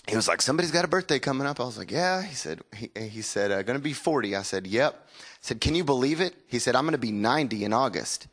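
A pastor in his 40s with a medium-pitched, slightly bright voice preaches a sermon in a conversational storytelling style. He uses call-and-response, asking the congregation to repeat words back.

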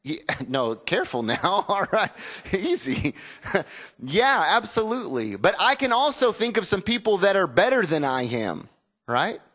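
A man's voice: high voice, sing-song, normal speed, a bit bright. A man, preaching a sermon in a conversational storytelling way and calling on the congregation to repeat words back. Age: 40s. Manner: conversational storytelling with call-and-response. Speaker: pastor.

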